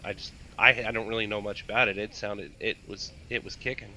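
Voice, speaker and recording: A man's voice: fairly low pitch, steady tone, brisk, sharp tone, slight background noise. A man on a casual livestream show, offhand and full of puns. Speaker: podcast co-host.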